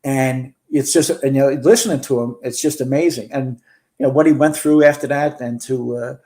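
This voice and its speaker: A man in his sixties, once a fire chief, tells a long, earnest story about fighting a fire, in close detail. His voice is warm and mellow, sitting at an ordinary middle pitch. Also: fairly even intonation, moderate pace. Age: 60s. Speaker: guest, retired fire chief. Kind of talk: recounting a firefight in a podcast interview.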